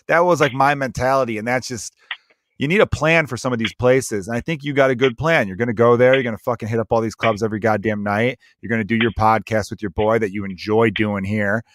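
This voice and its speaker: A man's voice: mid-range voice, quick pace, no echo, clean studio sound. A man in a casual podcast chat, blunt and swearing as he gives advice.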